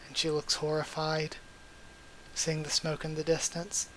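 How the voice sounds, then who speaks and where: Guy doing a comic readthrough, gets emotional, voice kinda strained, slightly high. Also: flat delivery, moderate pace, a little hiss or hum. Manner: emotional, reacts aloud between panels. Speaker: YouTuber reading manga aloud.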